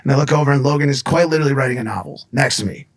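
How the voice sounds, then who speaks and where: A man co-hosting a podcast in casual chat, quick and dry as he chimes in. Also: mid-range voice. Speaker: podcast co-host.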